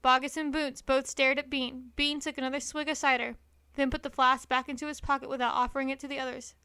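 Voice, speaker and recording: A woman reads a children's storybook aloud with an expressive, lively delivery. Her voice is high and bright, recorded close in a dry, dead space. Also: fast talker, clear, resonant tone, no room sound. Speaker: storybook reader.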